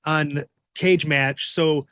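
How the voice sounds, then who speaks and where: A man's voice: a little high, extremely slow, clear, resonant tone, no echo, studio quality. A man hosting a casual podcast interview, asking loose questions with fillers and restarts. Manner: relaxed, asks questions with many fillers and restarts. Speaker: podcast host.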